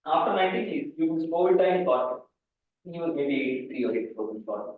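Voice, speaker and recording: A high-pitched man lectures on mathematics, wandering through anecdotes and restarting his sentences. He sounds distant from the microphone, with heavy echo in a large hall. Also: expressive, fast. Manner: rambling, restarts sentences, asides to students. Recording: echoey hall, far mic, phone-like band.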